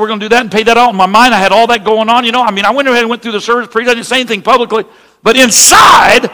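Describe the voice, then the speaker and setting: A male pastor with a high, bright and forceful voice tells a story in his sermon. He drops to hushed narration, then rises to shouted praise. Long reverb from a church hall hangs behind him. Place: church sanctuary.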